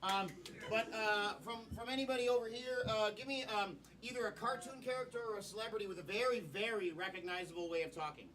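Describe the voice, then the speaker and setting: High-voiced man hosting improv. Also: fast talker, a bit bright. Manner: upbeat, asks crowd for suggestions. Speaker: improv show host. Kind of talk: live emcee patter. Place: small comedy theater. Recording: distant mic with audience laughter.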